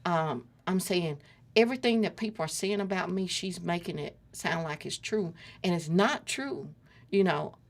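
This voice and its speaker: Gravelly-voiced woman telling her story. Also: on the low side, moderate pace. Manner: earnest, lively retelling with quoted dialogue. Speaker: interview guest. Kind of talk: casual personal storytelling.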